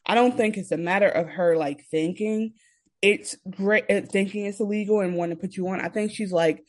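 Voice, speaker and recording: A woman's voice: medium pitch, a little fast. A young woman from the United States co-hosting a casual podcast, talking candidly and swearing freely. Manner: candid, profane, animated when quoting others. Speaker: podcast co-host.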